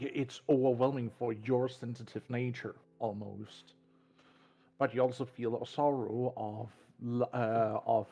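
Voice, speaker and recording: A man narrating as game master in a tabletop game, slow and descriptive, often restarting his words. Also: medium pitch, warm tone. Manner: deliberate, descriptive, with frequent restarts.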